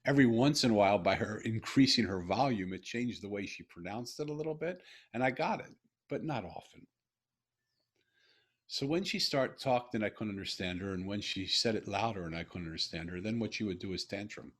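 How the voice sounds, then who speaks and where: A man's voice: lowish voice, brisk. A middle-aged man, a guest author, telling a personal story in a podcast interview in an earnest, heartfelt way with frequent restarts.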